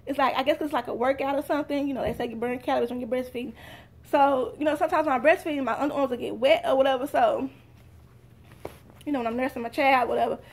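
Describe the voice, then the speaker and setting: A woman's voice: high-pitched, steady tone, fast talker. A young woman, chatting straight to her viewers in a casual haul vlog. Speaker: vlogger.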